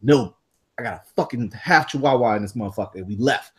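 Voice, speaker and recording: A man co-hosting a podcast, telling a story in a casual, animated way, swearing freely and acting out the people in it. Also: medium pitch, quick pace. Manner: animated, profane, acts out voices. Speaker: podcast co-host.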